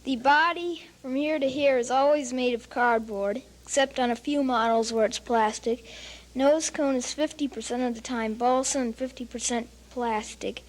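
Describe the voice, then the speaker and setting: A woman with a slightly raised voice walks through her hobby in an unhurried show-and-tell manner. She explains things plainly and matter-of-factly, now and then pausing to find a word. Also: high-pitched, fairly even intonation, poor audio. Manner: plain matter-of-fact explaining, occasional hesitation. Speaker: hobbyist explaining model rockets.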